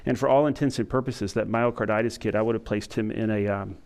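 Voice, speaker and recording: A middle-aged man giving a training lecture to emergency medical staff, talking in a self-described monotone and pausing often with fillers. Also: lowish voice, smooth. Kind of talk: conference lecture to EMS staff. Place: lecture room with an audience.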